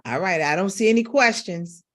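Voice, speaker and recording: A woman's voice: medium pitch, animated, moderate pace. A middle-aged woman vocal coach giving a live-streamed voice lesson, speaking directly to her viewers.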